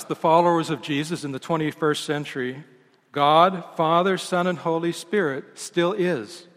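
A man preaching a sermon as pastor, with a measured, emphatic delivery whose lines fall away at the ends. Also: a little high, a bit bright. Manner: measured, emphatic delivery with falling line endings. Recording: long reverb of a large church hall.

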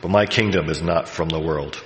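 A man reading scripture voices a calm, solemn prisoner with measured, grave delivery. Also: extremely low pitch, a little hiss or hum, voice pushed down. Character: calm, solemn prisoner claiming a heavenly kingdom. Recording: echoey hall, long reverb.

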